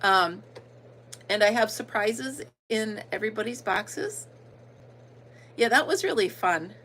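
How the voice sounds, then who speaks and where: Country gal hosting a live stream, chatty, lots of ums, says hi to everyone. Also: female voice, medium pitch, expressive, slow pace, fairly bright tone, a little hiss or hum, poor audio. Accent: American country. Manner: chatty, greets viewers by name, filler ums. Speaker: livestream host. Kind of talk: casual livestream chat.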